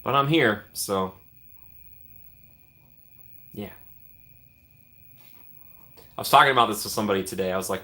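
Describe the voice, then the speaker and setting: A streamer host with a somewhat low voice and a bright, forceful edge runs a relaxed live stream. He chats upbeat at normal speed with long pauses, reading comments and reacting to viewers by name.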